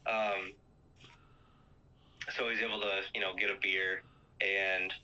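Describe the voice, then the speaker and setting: A man's voice: low voice, level tone, takes it slowly, sharp tone. A man hosting a casual movie recap chat, rambling and filling gaps with um and uh. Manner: rambling, fills with um and uh. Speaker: podcast host. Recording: lo-fi muffled sound.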